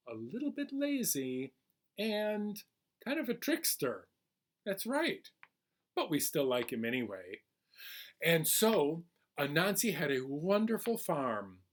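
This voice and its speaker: Animated man telling a children's story. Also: fairly high pitch. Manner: animated, asks listeners questions.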